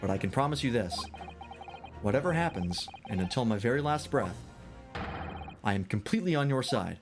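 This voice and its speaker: A man's voice: mid-range voice, lively intonation, moderate pace, over music. Man reading a game's story aloud. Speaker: streamer voicing a game's story. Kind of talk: reading game dialogue and narration aloud.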